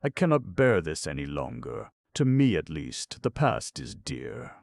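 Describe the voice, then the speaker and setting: A man's voice: low voice, big pitch swings, measured pace, vocal fry, darkish tone, no echo, exaggerated voice. A man voicing a tearful young woman who pleads and reproaches in an emotional, raised voice. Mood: anguished.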